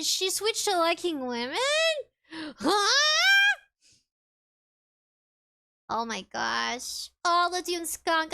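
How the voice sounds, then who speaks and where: A young woman chats her way through a game stream, giggling and reading viewer comments aloud. Her voice sits very high and swings up and down freely. The tone is bright and sharp. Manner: chatty, giggly, reads chat aloud. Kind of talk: casual gaming stream chat.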